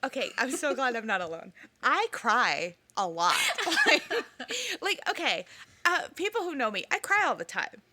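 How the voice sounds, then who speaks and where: A woman co-hosting a podcast in casual chat, emotional and expressive, laughing often. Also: on the high side, moderate pace. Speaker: podcast co-host.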